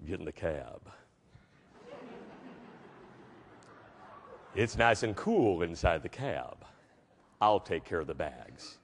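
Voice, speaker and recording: Man playing a hospitable Texan cabbie: slow, very deep drawl, heard from a distance. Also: very animated, long reverb tail, a little hiss or hum, full character voice. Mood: welcoming. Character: friendly deep-voiced Texan male cab driver.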